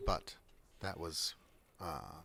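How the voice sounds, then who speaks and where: A man's voice: extremely low pitch, very animated, very slow, gravelly, crowd noise. A man playing a tabletop game, making dry, wry remarks in casual talk. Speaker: player.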